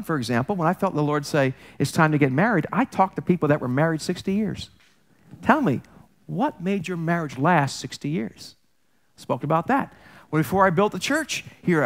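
A man's voice: on the high side, fairly bright tone. A man preaching as a pastor, talking in a loose, joking way and often breaking off to apologize or correct himself. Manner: conversational, jokey, self-interrupting. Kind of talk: sermon.

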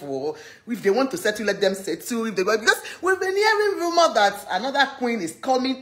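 A woman with a Nigerian accent chatting casually as a gossip vlogger, telling stories animatedly, acting out the people she quotes and slipping into pidgin and Yoruba phrases. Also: mid-range voice. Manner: animated storytelling, acts out quoted voices.

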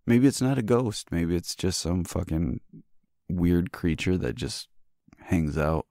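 Low-voiced, profane, joking podcast host. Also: male voice, a little slow, mellow, dry recording, studio quality. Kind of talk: casual chat.

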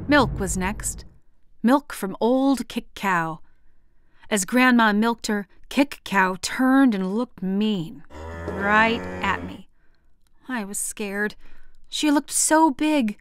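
Teacher-reader, woman, unhurried expressive storytelling, dry room. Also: mid-range voice, smooth, dry recording. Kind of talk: picture book read-aloud.

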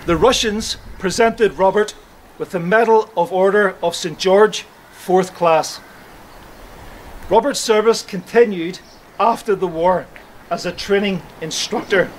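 A man's voice: high-pitched, low-quality recording. A man giving a solemn historical address at an outdoor memorial service. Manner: measured, solemn delivery. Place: outdoors at a churchyard. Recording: outdoor recording with faint ambient noise.

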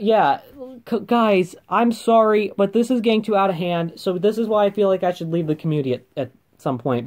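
A man's voice: high-pitched, darkish tone. A young man in his late teens ranting emotionally in a confessional vlog, upset, rambling and swearing, with many restarts. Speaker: vlogger.

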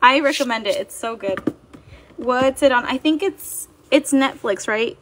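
A young livestream seller talks casually while fulfilling orders, bubbly and chatty as she reads viewer comments out loud. Her voice is a little high and fairly bright, she takes her time, and there's slight background noise.

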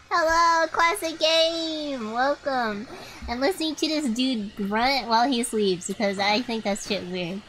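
Young adult woman, fairly high voice, excitable and foul-mouthed live game commentary. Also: a little slow, a little hiss or hum, rough recording. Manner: excitable, swears freely, talks to chat. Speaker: streamer.

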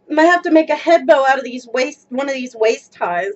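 A woman gushing and squealing as she unboxes a skirt in a home video vlog, breathless with excitement. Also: high voice, moderate pace, few pauses, lo-fi sound.

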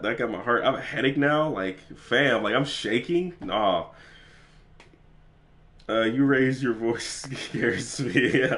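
Hosting his gaming channel, an excitable man gives let's play commentary on a horror game, his pitch swinging widely from low mutters to high yelps. His voice is bright and forceful, and he swears freely.

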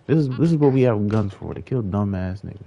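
A man's voice: lowish voice, lively intonation, fast talker, creaky, mellow, highs cut off. A young man giving casual gameplay commentary, frustrated and swearing as he talks to himself. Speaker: gaming streamer.

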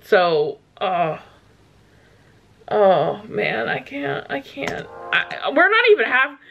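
A woman's voice: mid-range voice, big pitch swings, slow, creaky, a bit bright. A woman hosting a casual music reaction video, gushing and exclaiming with lots of "like" and "um". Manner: gushing, exclamatory, chatty with many fillers. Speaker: reaction channel host.

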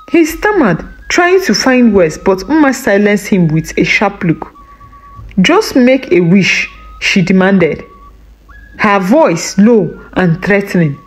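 A woman narrating a folktale in a dramatic, expressive storytelling manner. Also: medium pitch, poor audio.

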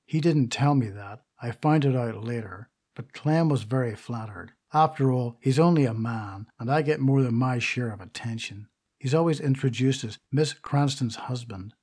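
A proud stage actress pours out her grievances in an audiobook, gossipy and indignant. Her voice sits in the middle range with a husky edge, as a man reads her part. She sounds put out but still poised. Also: medium pitch, normal speed, a little mellow, lightly acted. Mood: indignant gossip. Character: vain grand stage actress, middle-aged woman. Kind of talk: audiobook reading.

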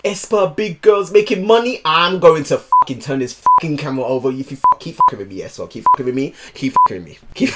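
A man hosting a music video reaction, loud and excitable, swearing and jumping into high squeals. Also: fast talker, few pauses, heavy background noise. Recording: music playing behind.

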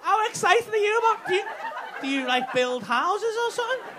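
Male stand-up, teasing crowd work, animated delivery, live club recording with a noisy audience. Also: very high voice, fairly quick. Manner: cheeky, sweary, teasing. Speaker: stand-up comedian. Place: comedy club stage. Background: loud audience laughter.

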